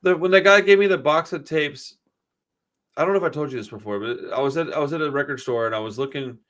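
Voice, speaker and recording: A middle-aged man from Texas talking in loose, rambling casual chat as a podcast host. His voice sits a little high for a man, and his speech is full of swearing and dudes and bros. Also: fast, fairly bright tone. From Houston area, Texas. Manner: rambling storyteller, swears a lot, says dude and bro.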